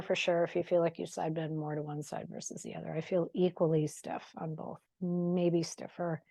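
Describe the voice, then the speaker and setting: A woman's voice: lowish voice, gravelly, a little mellow. A woman leading a movement exercise class, chatty and encouraging, a little out of breath. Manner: chatty and encouraging, with self-deprecating asides. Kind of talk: guided exercise class instruction.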